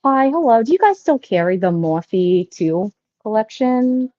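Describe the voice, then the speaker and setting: A woman's voice: on the high side, very animated, measured pace, warm tone, no echo, dull audio. A woman vlogging casually while she shops in a store, chatty and rambling with folksy sayings. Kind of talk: casual shopping vlog.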